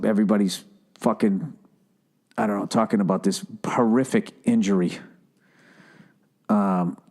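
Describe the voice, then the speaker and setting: A man's voice: medium pitch, a little mellow. Rambling, profane man hosting a podcast. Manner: rambling and profane, sarcastic asides. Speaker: podcast host. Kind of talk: solo podcast monologue.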